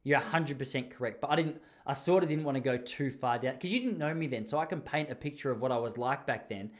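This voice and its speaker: A man's voice: mid-range voice, quick pace. Rambling, jokey Australian man. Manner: rambling, jokey, animated storytelling with laughs. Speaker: podcast host. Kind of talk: casual chat.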